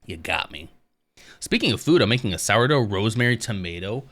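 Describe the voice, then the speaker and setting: Bright-voiced man chatting to his stream. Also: lowish voice, lively intonation, brisk. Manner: rambling, self-deprecating, laughs often. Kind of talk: casual chat with live chat.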